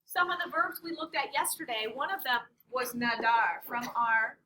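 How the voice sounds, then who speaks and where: A woman teaching a Spanish class, playful and animated, quizzing her students as she goes. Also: on the high side, normal speed, background noise. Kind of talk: classroom lesson. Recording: distant classroom mic.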